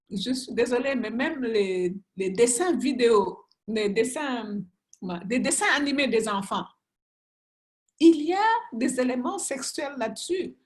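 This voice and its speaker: A woman speaks on a panel in an earnest way, stopping often with fillers as she hunts for the right word. Her voice sits a little high. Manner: earnest, searching for words with many fillers. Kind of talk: casual panel chat.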